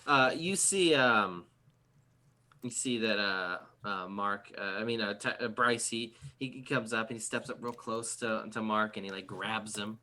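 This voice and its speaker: A man's voice: lowish voice, a little slow, bright, forceful tone. A man narrating a tabletop game as game master, in a casual style full of fillers.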